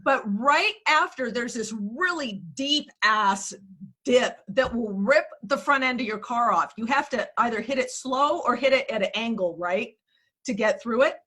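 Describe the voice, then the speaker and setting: A woman in her forties, a real estate agent and coach, telling stories in a lively, profane, laughing way from her office in a casual interview. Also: fairly high pitch, unhurried, husky. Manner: animated, profane, laughing storyteller.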